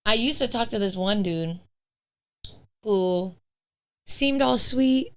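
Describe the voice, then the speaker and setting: A woman's voice: mid-range voice, a little slow, pauses often. A young woman, a podcast guest, chatting casually and telling her dating stories in a blunt, candid way with some swearing. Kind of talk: casual chat.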